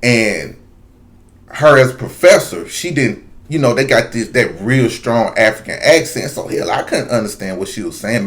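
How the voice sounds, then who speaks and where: A man telling a long casual story straight to his viewers, rambling with many asides. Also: mid-range voice. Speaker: video commentator.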